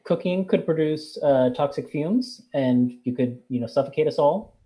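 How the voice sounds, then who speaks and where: Mellow-voiced cheerful tabletop player. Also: mid-range voice, moderate pace. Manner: cheerful, wordy in-character chatter. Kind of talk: playing a tabletop game.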